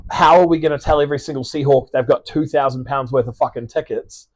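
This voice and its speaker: A man's voice: mid-range voice, fairly even intonation, fast talker. A young man from New Zealand with a New Zealand accent, chatting casually on a podcast as a guest, rambling and repeating words, swearing often. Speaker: guest, sports player.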